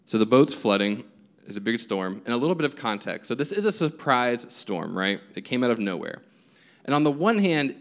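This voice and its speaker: A young man preaching a casual, conversational sermon as pastor, telling stories with self-deprecating humor. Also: lowish voice.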